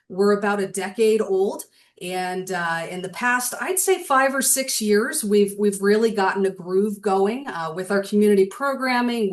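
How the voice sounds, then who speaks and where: A woman on a video call, a nonprofit board member, explaining her group's programs in a friendly, casual way with some fillers. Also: mid-range voice.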